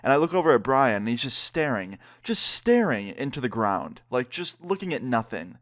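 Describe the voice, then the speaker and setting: A man's voice: mid-range voice, normal speed. A young man casually telling a story to camera, with lots of "like" and swearing. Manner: animated, profane, heavy use of "like". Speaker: vlogger.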